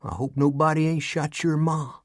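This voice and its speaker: Out of a dry, close audiobook read comes a calm, drawling older frontier uncle, as a male narrator puts him on, a touch higher than the reader's own voice. He talks in a plain rural way and never seems rattled. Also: moderate pace, no echo, natural voice.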